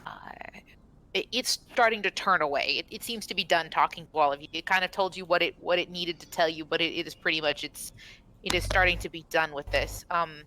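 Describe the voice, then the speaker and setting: Low-voiced woman running a tabletop game. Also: fairly quick, bright, forceful tone, a little hiss or hum, rough recording. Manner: rambling with frequent restarts. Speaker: game master.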